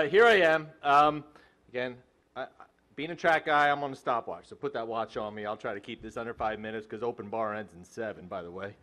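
A man's voice: a little high, fairly bright tone. A man in his forties, a head track coach, giving a joking, self-deprecating and rambling hall of fame acceptance speech. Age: 40s.

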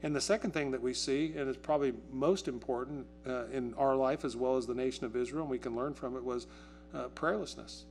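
Soft background music plays as a medium-pitched pastor briskly preaches in a church. He keeps a conversational tone, asks the congregation questions, and acts out quotes in an excited, raised voice.

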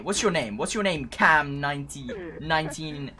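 A young man in his twenties with a bright, fairly high voice trolls strangers over game voice chat. He sounds mocking and playfully toxic, often bursting out loud. Faint music plays underneath. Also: animated, normal speed. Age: 20s. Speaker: gaming video host.

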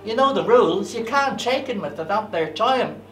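A man voicing a weary, practical Dublin mother, quiet and hesitant, with a Dublin accent. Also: high voice, lively intonation, moderate pace, a little hiss or hum, pitched above the performer's own voice. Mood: patient. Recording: distant echoey stage with music.

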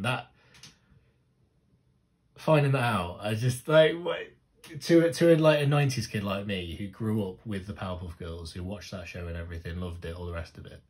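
Excitable man with a low voice. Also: normal speed. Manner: excitable and gushing, swears freely, bursts into loud exclamations. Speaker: music reaction host. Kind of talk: casual music reaction commentary.

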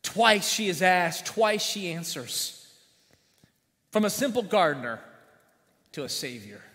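A man preaching a sermon as pastor, repeating phrases in a steady cadence, sometimes rising loud and sometimes dropping quiet. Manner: swings from loud emphatic lines to quiet low-voiced ones. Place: church sanctuary. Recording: reverberant church sanctuary.

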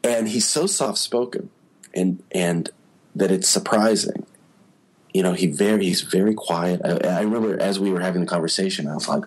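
Male journalist guest, husky low voice, rambling anecdotal storyteller. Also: normal speed, poor audio. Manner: chatty storyteller, many "you know" fillers. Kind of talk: casual interview talk.

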